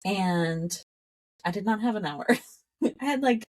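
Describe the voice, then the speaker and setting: A woman with a mid-range voice speaks unhurriedly as a podcast guest, telling a story in casual conversation. She's animated, laughs often, and acts out what she said back then.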